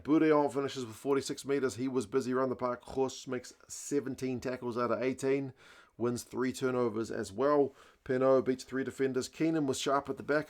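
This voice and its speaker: Young man, casual sports review host, chatty, conversational, middle pitch, relaxed delivery. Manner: chatty, conversational, with fillers and mild slang. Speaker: rugby channel host.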